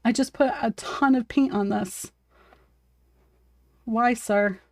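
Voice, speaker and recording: Slow-talking, high-voiced woman streamer. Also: steady tone, a little mellow, no echo, studio quality. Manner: chatty, talks to her cat and her viewers, laughs often. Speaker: art streamer. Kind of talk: casual live-stream chat while painting. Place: home desk.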